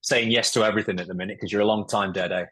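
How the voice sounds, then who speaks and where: A man's voice: fairly low pitch, steady tone, rapid-fire, bright, forceful tone, breathy edge. A man in his forties, a guest telling stories in casual chat, candid and swearing freely. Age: 40s. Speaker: podcast guest, musician and ex-footballer.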